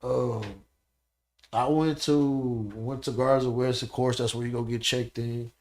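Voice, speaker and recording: A man in an average pitch talks as a podcast guest in a loose, casual chat. He tells his stories in an animated, profane way, often checking in with "you know what I'm saying". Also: measured pace.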